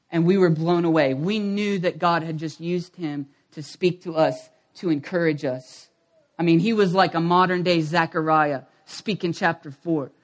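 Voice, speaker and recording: High voiced guy preaching, middle aged, tells his story and does everyone's voices. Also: moderate pace. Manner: animated, acts out quoted voices. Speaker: pastor. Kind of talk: sermon storytelling.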